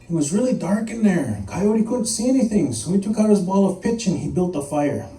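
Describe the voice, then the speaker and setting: A man telling a traditional animal tale in an animated, playful way to a live audience. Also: sits high, fairly quick, crowd noise. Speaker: storyteller. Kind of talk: live oral storytelling. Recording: echoey room, mic at a distance.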